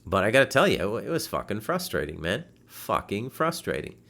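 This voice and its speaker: A man hosting a podcast over a video call, telling a frustrating story in a casual, animated way, swearing and restarting his sentences. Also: lowish voice, fairly quick, gravelly. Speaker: podcast host. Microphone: video call setup.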